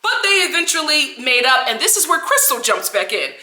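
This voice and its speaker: A woman vlogger giving casual reality-TV commentary in an animated, sassy, slangy way. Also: high-pitched, a little fast, reverberant. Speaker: vlogger, TV recap host.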